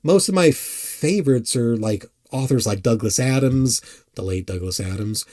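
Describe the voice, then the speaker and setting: A man casually answering chat on a live stream, rambling and halting, often self-deprecating. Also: mid-range voice, lively intonation, darkish tone, dry recording, studio quality.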